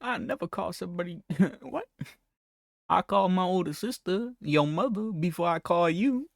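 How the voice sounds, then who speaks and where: A man's voice: sits high, fairly quick, gravelly, no echo, clean studio sound. A man, hosting reaction commentary and mocking the footage in a blunt, profane way. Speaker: reaction video host. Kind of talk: casual commentary.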